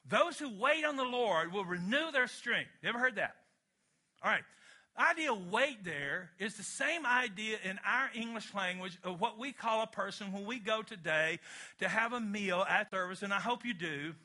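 A middle-aged man preaches a sermon with a high voice and a strikingly bright, forceful tone. He drives his points with emphasis and pulls the congregation into call-and-response. His delivery stays lively throughout. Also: normal speed. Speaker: pastor.

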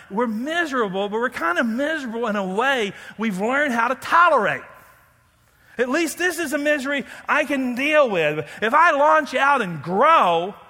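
A man preaching a sermon as pastor, animated, acting out loud pleading prayers and making joking asides. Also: very high-pitched, normal speed, in a large hall.

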